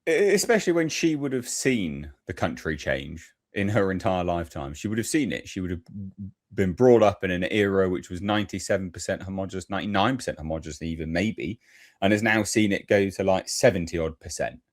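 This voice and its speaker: A man's voice: low-pitched, expressive, brisk, no room sound, clean studio sound. A man hosting political commentary, reacting to a clip with heated, profane ranting.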